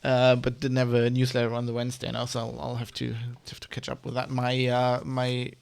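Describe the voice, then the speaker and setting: A man's voice: mid-range voice, monotone, a little fast, gravelly, smooth, no echo. A man with a mother tongue, ranting in a casual vlog, rambling and heated, with many restarts and swearing. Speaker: vlogger. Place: Germany.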